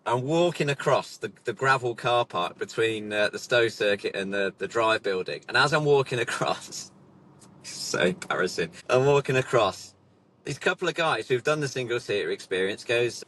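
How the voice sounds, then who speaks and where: A man's voice: medium pitch, lively intonation, moderate pace, fairly bright tone. A middle-aged man, a racing instructor, telling a rambling, self-deprecating anecdote from his car while sat in traffic. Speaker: racing instructor and vlog host. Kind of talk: casual anecdote.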